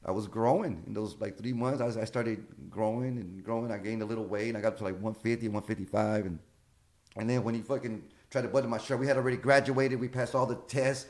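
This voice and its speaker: Fast-talking male comedian telling stories. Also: lowish voice. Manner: animated, acts out quoted dialogue, swears freely. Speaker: comedian guest. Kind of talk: casual storytelling.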